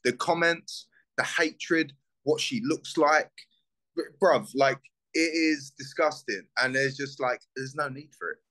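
A young bare-knuckle fighter from South East London with a South London accent speaks in a casual interview. His voice is bright and forceful. He talks bluntly, swears freely and gets heated. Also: medium pitch, measured pace, rough recording.

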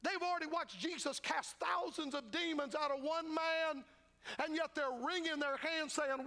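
Fervent high-voiced preacher. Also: male voice, fairly even intonation, a little slow, gravelly, sharp tone. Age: older. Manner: fervent, folksy, acts out the disciples' voices. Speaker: traveling evangelist. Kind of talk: revival sermon. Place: church sanctuary.

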